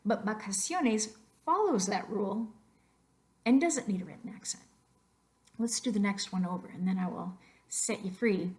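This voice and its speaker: A woman's voice: mid-range voice, animated, normal speed, long pauses, darkish tone. A woman teaching a narrated slideshow lesson, explaining patiently and saying example words aloud to model their stress. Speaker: Spanish teacher.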